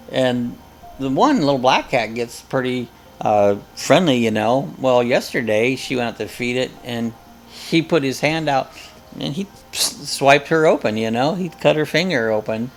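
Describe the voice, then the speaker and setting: A man's voice: mid-range voice, expressive, unhurried, faint music behind. A man hosting a casual live chat, rambling and joking as he tells stories. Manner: rambling, jokey storyteller.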